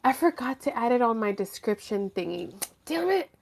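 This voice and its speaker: A woman chats casually on her live stream from home, rambling from one thing to the next. She swears freely and speaks in a somewhat high voice. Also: big pitch swings, moderate pace, vocal fry, slight background noise. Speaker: livestream host. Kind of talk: casual livestream chat.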